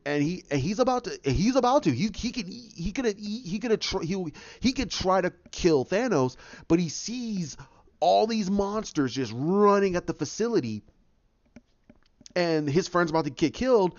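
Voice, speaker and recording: A man hosting a podcast, eagerly retelling a story in a fast, animated way with frequent restarts. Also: high-pitched, no room sound. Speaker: podcast host. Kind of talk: excited casual retelling. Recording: dull, dry lo-fi audio.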